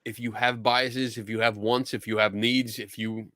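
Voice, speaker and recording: A man with a Philadelphia accent hosting a casual live show, chatty and quick to laugh and swear. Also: lowish voice, little pitch movement, a bit bright, dry recording, studio quality. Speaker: podcast host. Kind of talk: casual livestream chat.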